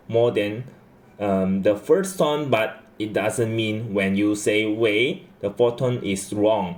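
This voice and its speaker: A man teaching Chinese grammar in English, who repeats his key phrases and keeps checking in with "okay?". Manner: lively rising and falling pitch. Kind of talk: slow classroom explanation.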